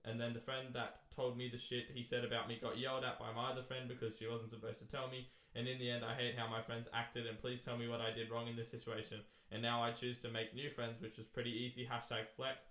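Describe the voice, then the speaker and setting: Podcast guy reading a listener letter out loud, bright voice, roomy echo. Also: medium pitch, completely flat delivery, fast, few pauses. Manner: laughs often, reads aloud at length. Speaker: podcast co-host.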